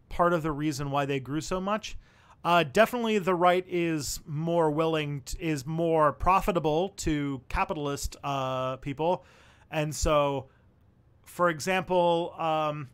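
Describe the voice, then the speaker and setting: Young male streamer with a slightly high voice who rambles through viewer questions, full of ums and restarts. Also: a bit bright, clear, resonant tone. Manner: rambling and thinking aloud, with many fillers and restarts. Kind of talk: casual livestream Q&A.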